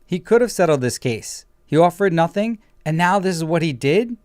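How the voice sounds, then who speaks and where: Brief: emphatic male lawyer-host, a touch high-pitched, close dry mic. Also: animated, moderate pace, darkish tone, no echo. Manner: emphatic, explanatory. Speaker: attorney and show host. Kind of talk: legal commentary talk show.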